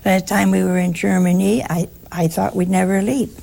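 Gravelly-voiced American woman, chatty storyteller. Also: medium pitch, normal speed. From United States. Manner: storytelling, chatty, animated asides. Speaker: nun giving a talk. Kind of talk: casual spoken talk to an audience.

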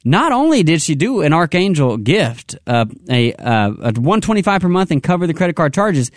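A man hosts a radio pledge drive in an upbeat, urging way, and he slows right down whenever he repeats the phone number. His voice sits high for a man, and the sound is dry and close with no room around it. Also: very animated, no room sound. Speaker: radio fundraiser host. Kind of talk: on-air pledge drive appeal. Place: radio studio.

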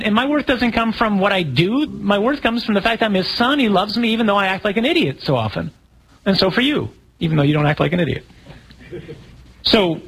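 Priest guy talking to a crowd, slightly high voice, jokey storyteller, faint hum behind. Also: low-quality recording. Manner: folksy, humorous storyteller asking the audience questions. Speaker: Catholic priest. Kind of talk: conversational teaching talk to a live audience.

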